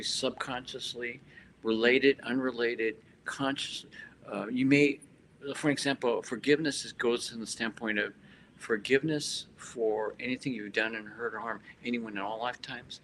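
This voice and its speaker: Man, spiritual teacher, chanting mantras, halting speech, bright tone, faint background noise. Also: mid-range voice, rough recording. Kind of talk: guided meditation and talk. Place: hotel expo hall.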